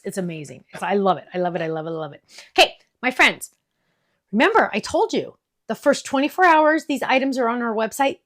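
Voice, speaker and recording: A middle-aged woman hosts a craft product demo with a slightly high voice. She gushes over each item, bright with enthusiasm as she shows it off. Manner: gushing, enthusiastic. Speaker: craft shop host.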